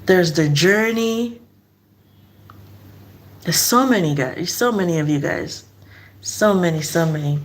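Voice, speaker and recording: Nigerian lady live streaming, slow easy talk, lowish voice, keeps repeating herself. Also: expressive. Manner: chatty, repeats herself, laughs often. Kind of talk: casual live-stream chat.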